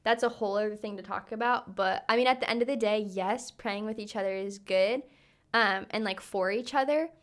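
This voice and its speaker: A woman's voice: mid-range voice, fairly quick. Young woman podcast cohost, casual chatty talk, lots of likes and ums. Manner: chatty, many fillers, laughs often. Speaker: podcast co-host. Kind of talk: casual chat.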